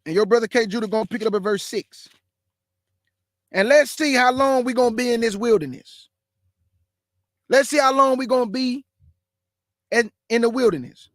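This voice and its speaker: High-voiced fast-talking preacher man. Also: no room sound, clean studio sound. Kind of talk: live-streamed bible teaching.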